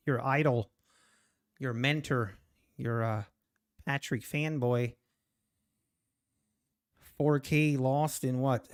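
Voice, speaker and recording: Male streamer host, slow unhurried delivery, smooth clear voice, breathless, teasing chat banter. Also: medium pitch. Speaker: trading livestream host. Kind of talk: casual live-stream commentary. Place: home.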